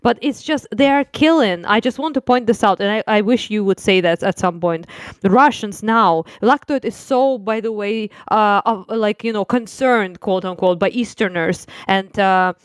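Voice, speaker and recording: A woman's voice: medium pitch, normal speed, smooth, dry recording. A woman from Ukraine, a guest in a casual discussion, who talks bluntly and swears freely. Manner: blunt, profane, exasperated. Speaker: guest commentator.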